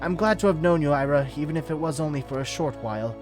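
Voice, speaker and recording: A man voicing a sad, soft-spoken young woman archer in a game, talking earnestly. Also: a little high, fast talker, natural voice. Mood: wistful. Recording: clear background music.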